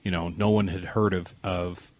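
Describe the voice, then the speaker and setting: A man's voice: low-pitched, steady tone, normal speed, a crowd in the background. A man co-hosting a casual podcast chat, weighing arguments with many restarts. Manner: hesitant, restarts when arguing a point. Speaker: podcast co-host.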